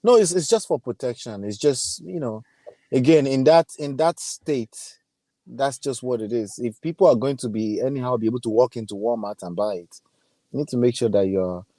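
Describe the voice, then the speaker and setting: A man with a Nigerian accent, a guest on a live stream, giving earnest advice in a halting way. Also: mid-range voice, warm tone, dry recording. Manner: hesitant, with many fillers and restarts, earnest advice. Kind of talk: casual live-stream chat.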